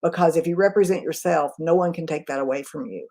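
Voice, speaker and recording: A woman communication trainer in a live webinar, answering chat questions in a quick, conversational way. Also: deep voice, mellow. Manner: quick, conversational, self-aware.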